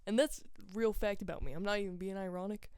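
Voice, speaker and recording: A man co-hosting a podcast, telling stories in an offhand, deadpan casual way. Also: high-pitched, fast talker, smooth, dry recording, studio quality. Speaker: podcast co-host. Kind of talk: casual chat.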